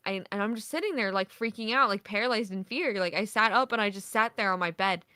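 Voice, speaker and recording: A woman's voice: medium pitch, fast talker, sharp tone, no echo. A woman, a podcast guest, telling a casual story in a rambling way, full of "like" fillers and swearing.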